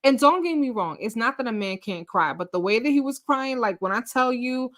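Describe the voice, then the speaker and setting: Lively New woman telling a story. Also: on the high side, brisk, dry recording, studio quality. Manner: animated, laughing, acts out quotes. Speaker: storytime host. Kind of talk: casual storytime.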